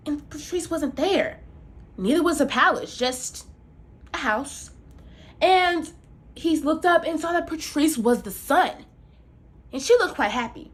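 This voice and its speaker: A woman storyteller narrating a folk tale for a live audience. Her pitch is on the higher side and swings widely. She tells it in an animated way with playful asides.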